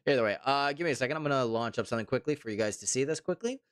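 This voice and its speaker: Lively young Canadian man streaming. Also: medium pitch, very fast, clear, resonant tone, dry recording, clean studio sound. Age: 20s. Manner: rambling, repeats himself, reads chat aloud. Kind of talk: casual live-stream chat.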